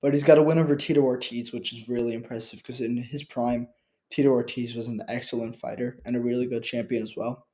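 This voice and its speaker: A man hosting his own channel, talking through a ranking list in one casual take, halting often with fillers and restarts, recorded on a built-in computer mic. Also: medium pitch, steady tone, dark tone. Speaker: channel host.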